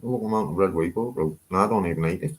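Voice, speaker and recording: A man's voice: deep voice, quick pace, a little hiss or hum. Brash, sweary Teesside man. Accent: Teesside English. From Northeast England. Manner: swears a lot, brash and animated. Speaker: livestream host. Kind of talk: casual live-stream chat. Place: house loft.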